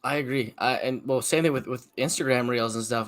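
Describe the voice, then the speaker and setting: A man appearing as a guest content creator, chatting casually in a playful, animated way and laughing easily. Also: medium pitch, a little fast. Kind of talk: casual chat.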